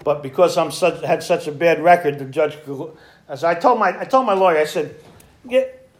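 A man's voice: fairly high pitch, fairly quick. A middle-aged man telling his recovery story at a meeting, acting out the other people in it. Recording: echoey room with faint noise.

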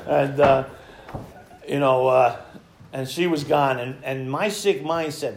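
A man's voice: medium pitch, slow pace, slight background noise. A man sharing his personal recovery story at a meeting, talking conversationally, acting out old conversations and chuckling at himself. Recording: echoey room.

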